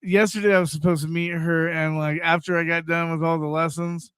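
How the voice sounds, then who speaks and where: Male radio host, high and bright, quick restarts, dry studio sound. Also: clear, resonant tone, no echo. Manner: animated, stammering restarts. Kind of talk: casual radio banter.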